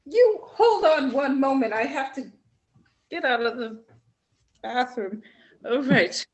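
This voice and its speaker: A woman's voice: high-pitched, expressive, slow, exaggerated voice. A woman playing a pious, bossy mother who scolds and preaches at her daughter in an improvised stage comedy. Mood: distracted.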